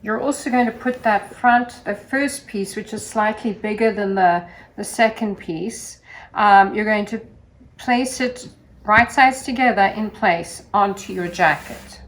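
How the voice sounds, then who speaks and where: A woman calmly walking through a sewing demonstration step by step, in a gentle sing-song teaching manner. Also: mid-range voice, a little slow. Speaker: sewing instructor.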